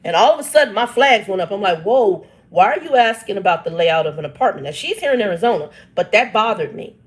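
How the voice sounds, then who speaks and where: A woman in her fifties, hosting her channel, tells a personal family story directly to her viewers and reads out comments from her live chat. She talks fast and emphatically in a medium-pitched voice with lively intonation, often exclaiming and laughing.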